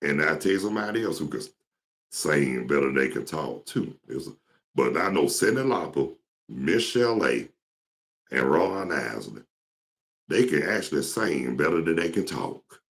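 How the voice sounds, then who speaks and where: Deep gravelly man. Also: sing-song, a little slow, fairly bright tone. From Georgia, US. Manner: rambling, storytelling, mimics singers. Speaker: talk show host. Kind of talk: casual solo talk.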